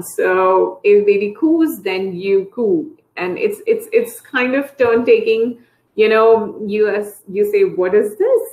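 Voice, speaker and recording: An early intervention therapist, a woman, walks parents through speech techniques in an online training talk, using an easy, mid-pitched and slightly mellow voice. She often breaks into high, sing-song demonstrations of how to talk to small children. The audio is roomy and echoey, like a video call.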